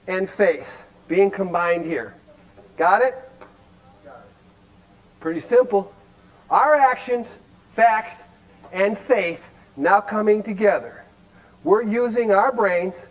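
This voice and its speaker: High-voiced folksy man. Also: rough recording. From Cleveland, Ohio, United States. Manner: folksy, blunt, quizzes the audience with rhetorical questions. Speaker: recovery workshop speaker. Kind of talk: folksy recovery workshop talk to a live audience.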